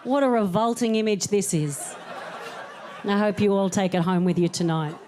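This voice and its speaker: A woman's voice: medium pitch, normal speed, noisy background. A woman in her thirties doing a stand-up set on a comedy club stage, chatty and self-mocking, laughing through her punchlines.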